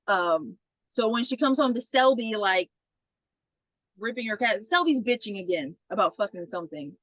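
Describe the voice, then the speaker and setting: A woman's voice: medium pitch, animated, moderate pace, fairly bright tone, no echo. A woman co-hosting a podcast in casual chat, slangy and swearing freely. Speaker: podcast co-host.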